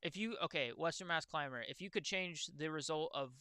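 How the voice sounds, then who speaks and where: A young man streaming, chatting casually and excitedly, swearing freely and talking to his viewers. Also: a little high, fairly quick, clean tone, no echo. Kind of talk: casual livestream chat.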